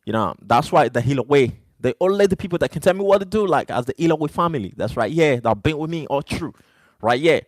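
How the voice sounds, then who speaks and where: A man hosts a live stream in English, which is not his first language. His voice sits somewhat high, and he hammers points home by repeating words straight at his chat. The sound is dry and close, with no room echo. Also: animated, quick pace. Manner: repetitive, emphatic, talks straight to chat. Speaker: livestream host.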